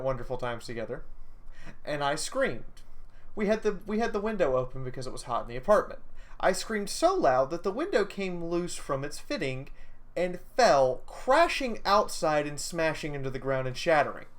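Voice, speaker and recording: A woman streamer telling a story in a casual, animated way, often stammering, repeating words and laughing. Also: sits low, moderate pace.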